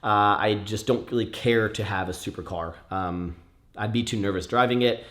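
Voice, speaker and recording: A man's voice: on the low side, moderate pace, a bit bright. A young man answering viewer questions in a casual chat, rambling with many fillers and restarts.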